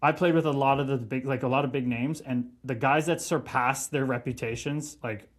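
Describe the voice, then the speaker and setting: A man, a former pro hockey player, telling profane, animated stories as a guest in casual podcast chat. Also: mid-range voice, moderate pace.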